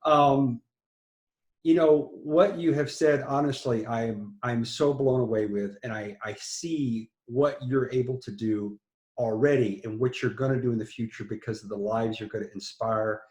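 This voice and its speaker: A man's voice: medium pitch, moderate pace, a little mellow, roomy sound. Enthusiastic man interviewing. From Texas. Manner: enthusiastic, rambling with restarts. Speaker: interviewer, publisher. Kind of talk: conversational interview.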